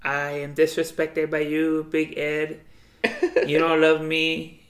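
A man's voice: fairly high pitch, a little slow, vocal fry, sharp tone, roomy sound, heavily acted. A man doing a whiny scolding girlfriend. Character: woman scolding her boyfriend.

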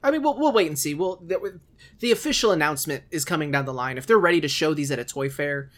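A man's voice: a little high, expressive, fast talker, a bit bright. A man co-hosting a podcast in casual chat, hedging and trailing off with lots of "like". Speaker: podcast co-host.

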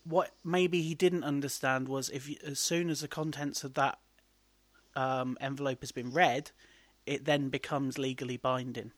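A man's voice: medium pitch, fairly even intonation, moderate pace, no room sound. Man, dry joking, very dry sound. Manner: laughs often, dry joking. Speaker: wrestling promoter and podcast co-host. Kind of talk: casual podcast chat.

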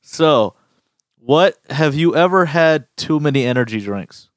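A young man co-hosting a podcast, telling profane, animated stories and acting out goofy quoted voices. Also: a little high, unhurried, dry recording, clean studio sound. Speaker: podcast co-host. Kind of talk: casual podcast banter.

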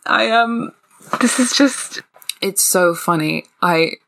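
A woman's voice: medium pitch, slow pace, vocal fry, fairly bright tone. A British woman in casual chat, amused and giggly, often trailing off mid-sentence.

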